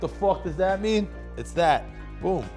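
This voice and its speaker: A man's voice: high-pitched, expressive, unhurried, a little mellow, faint music behind. Brash, profane New man rambling. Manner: brash, profane, rambling storyteller who laughs at his own jokes. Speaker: comedic cooking host. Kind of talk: crude comedic cooking monologue.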